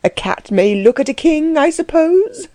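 A woman voicing an agitated, indignant young male tutor who bursts out in trembling, shrill tirades. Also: big pitch swings, measured pace, warm tone, dry recording. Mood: furious.

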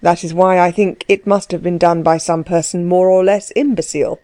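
An ominous, scornful official man speaks in smooth, measured tones, as a woman reads him aloud. The voice is mellow and dry, kept close to an everyday reading voice in a storybook. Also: fairly low pitch, steady tone, no room sound, lightly acted. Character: sinister scornful male official.

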